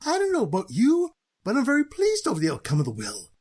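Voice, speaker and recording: A lazy, gloating scoundrel of a cousin from a cartoon, as a man puts him on. He speaks smugly in a high, lively voice with a husky rasp. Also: fast, heavily acted. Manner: smug and gloating. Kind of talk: cartoon voice acting.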